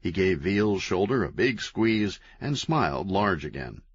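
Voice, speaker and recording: Lively husky male audiobook narrator. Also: sits low, unhurried, no echo. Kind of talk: scripted narration. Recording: dull, lo-fi, dry.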